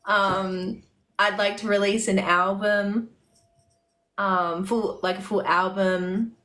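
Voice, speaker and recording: A woman's voice: mid-range voice, steady tone, takes it slowly, fairly bright tone. A young Australian woman musician, a podcast guest who is chatty and giggly and uses plenty of fillers. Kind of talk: casual chat.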